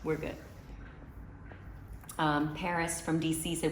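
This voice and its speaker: A woman's voice: low-pitched, level tone, slow pace, roomy sound, slight background noise. A woman singer chatting from home as she answers fan questions, loose and slangy with plenty of filler. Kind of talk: casual chat. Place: her home.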